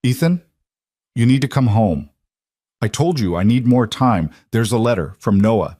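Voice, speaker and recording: A man voicing a grieving young mother, speaking in a tearful, pleading, halting way. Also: mid-range voice, expressive, mellow, no room sound, clean studio sound. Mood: urgent.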